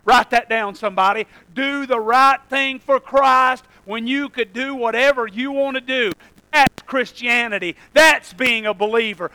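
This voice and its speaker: A man preaching a sermon, swinging between shouted climaxes and hushed, drawn-out emphasis. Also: very high voice, clean tone, rough recording.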